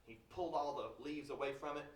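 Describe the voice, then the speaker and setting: A man's voice: fairly high pitch, steady tone, brisk. A man from Kentucky, telling a story live in a folksy, wry way, heard in a large hall from a distance. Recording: roomy hall from far off.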